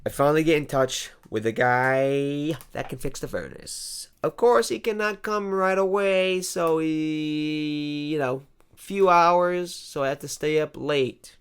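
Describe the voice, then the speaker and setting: A man hosting a comedy vlog, ranting in a rambling, exasperated monologue that swings between loud outbursts and quiet asides. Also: fairly high pitch, slow pace, clear, resonant tone.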